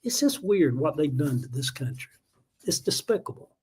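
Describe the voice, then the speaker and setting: This middle-aged Southern-accented man from Atlanta, USA, hosts a casual livestream and delivers a heated, rambling political rant full of fillers and chuckles. His voice is a little high and very animated, with a darkish tone and a moderate pace. There's slight background noise.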